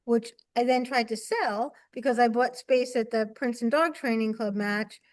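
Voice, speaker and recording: A woman's voice: a little high, steady tone, normal speed. Hesitant woman talking with her trainer. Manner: hesitant, trailing off with fillers. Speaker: dog handler in training. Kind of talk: casual chat with a coach.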